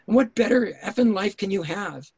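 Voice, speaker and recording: Male guest, intense storyteller, a bit high-pitched, dry close sound, swears and restarts a lot, remote call. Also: expressive, moderate pace, darkish tone, husky, dry recording. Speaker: writer-director guest. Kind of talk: casual interview storytelling.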